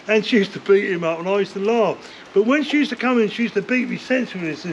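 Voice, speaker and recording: An older man, telling rough stories from his past in a rambling interview, swearing often and filling gaps with "like, you know.". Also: high voice, fast talker. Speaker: interview guest, former bare-knuckle fighter. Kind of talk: casual storytelling interview. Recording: dull lo-fi sound with faint noise.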